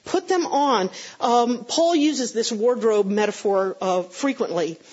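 A woman's voice: fairly high pitch, slow pace, a little mellow, breathy edge, highs cut off. A middle-aged woman pastor preaching a conversational sermon, with self-deprecating humor, answering her congregation.

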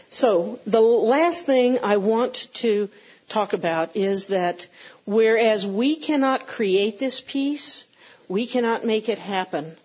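A woman's voice: medium pitch, a little mellow, muffled recording. A middle-aged woman pastor preaching a conversational sermon, with self-deprecating humor, answering her congregation.

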